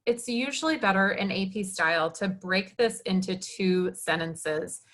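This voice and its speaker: A woman instructor talks through a recorded lecture at a middle pitch. She explains patiently and evenly, now and then pausing on a filler or correcting herself. Her delivery is plain and classroom-like. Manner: explanatory, steady with occasional fillers and self-corrections. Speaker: journalism instructor.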